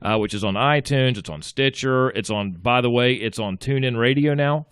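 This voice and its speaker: A man's voice: medium pitch, moderate pace, a bit bright, clean tone, no echo, studio quality. A man hosting a casual podcast, playfully introducing guests in an announcer style. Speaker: podcast host. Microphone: studio mic.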